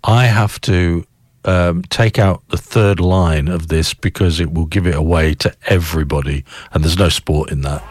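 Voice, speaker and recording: A man's voice: deep voice, fairly even intonation, normal speed, dry recording, studio quality. A man with an Australian accent hosting a breakfast radio show, chatty and enthusiastic as he reads verse. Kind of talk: casual radio chat and poem reading. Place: radio studio.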